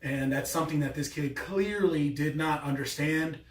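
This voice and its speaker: A man's voice: a little high, normal speed. A man in his thirties telling a rambling, exasperated story in a casual vlog. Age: 30s. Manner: rambling, exasperated, many restarts. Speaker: car vlogger. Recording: echoey, mic at a distance.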